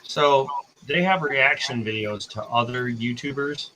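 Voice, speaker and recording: American man, very bright voice, rambling casual stream chat, faint background hiss. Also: medium pitch, measured pace, rough recording. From United States. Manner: rambling, self-correcting, talks to chat.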